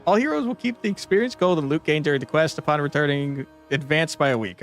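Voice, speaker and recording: A man streaming a tactical board game, commentating as he plays and often swearing and yelling at the game in frustration. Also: on the high side, animated, fast, few pauses, dry recording, soft background music. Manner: exasperated, swears and yells at the game. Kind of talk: gameplay commentary.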